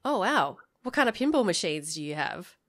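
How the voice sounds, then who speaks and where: A woman's voice: fairly low pitch, sing-song, moderate pace, fairly bright tone. A woman voicing a friendly male secretary answering the office phone in a cheerful, casual tone.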